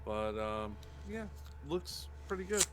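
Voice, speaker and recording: A man co-hosting a podcast over a video call, trading dry, deadpan banter in casual chat. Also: fairly low pitch, slow, background noise. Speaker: podcast co-host.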